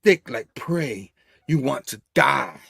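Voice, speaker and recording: A man voicing a grim, menacing male hunter villain in a slow, hushed dramatic reading. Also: mid-range voice, animated, vocal fry, breathy edge, no room sound, clean studio sound, heavily acted. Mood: brooding.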